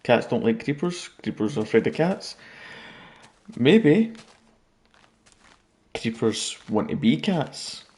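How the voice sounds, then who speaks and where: A man's voice: mid-range voice, big pitch swings, takes it slowly, pauses often, a little mellow. A man casually commenting on his gameplay late at night, rambling and joking with viewers. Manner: rambling, jokey, talking to viewers. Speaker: gaming YouTuber.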